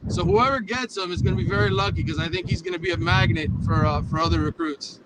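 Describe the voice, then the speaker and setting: A sports reporter on a phone call from a moving car, easygoing and laughing, often stammering on a word. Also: male voice, high-pitched, fast talker. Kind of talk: casual chat. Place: in a car with passengers. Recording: faint road noise.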